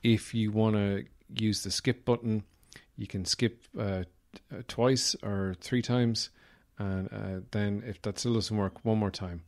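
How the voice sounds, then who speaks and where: Irish guy doing a comedy podcast, lowish voice, meanders and says uh a lot. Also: fairly even intonation, a little slow, hardly any pauses, a little mellow. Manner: rambling and wry, with frequent fillers. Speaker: podcast host. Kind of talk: casual comedic monologue.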